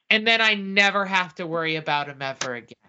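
A man co-hosting a casual podcast, talking in an excitable, animated way. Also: high-pitched, slight background noise. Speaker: podcast co-host. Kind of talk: casual chat. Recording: dull lo-fi audio.

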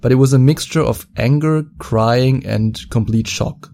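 A man's voice: medium pitch, unhurried, vocal fry, dark tone. A man working as a dating coach, telling a story to camera in a mocking, profane way and stretching out words for emphasis.

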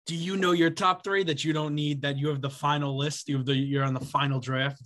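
Young male co-host, slightly higher voice, sarcastic, teasing, laughs a lot. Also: flat delivery, brisk, a bit bright. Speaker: podcast co-host. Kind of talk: casual podcast banter.

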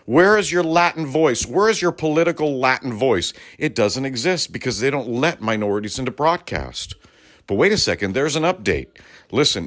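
A middle-aged man from Los Angeles, United States, hosts a political talk-radio show, launching into a heated, profane, emphatic rant full of sarcastic asides. His voice is mid-range with a fairly bright tone.

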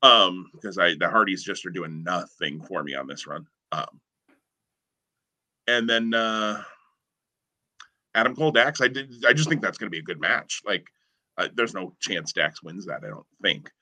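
A man's voice: low-pitched, expressive, moderate pace, long pauses, sharp tone. A man co-hosting a podcast in casual chat, rambling and enthusiastic with lots of fillers. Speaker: podcast co-host.

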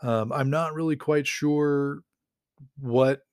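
Male host, average pitch, dry close mic; enthusiastic rambling storyteller. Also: steady tone, slow pace, a little mellow, clean tone, no room sound. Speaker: comics recap host. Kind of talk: casual retelling.

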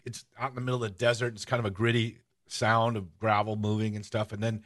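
A man hosting a radio-style podcast, telling stories in a casual, animated way. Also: lowish voice, quick pace. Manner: storytelling, animated, shouts out rallying cries. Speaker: podcast host. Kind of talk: casual radio-show chat.

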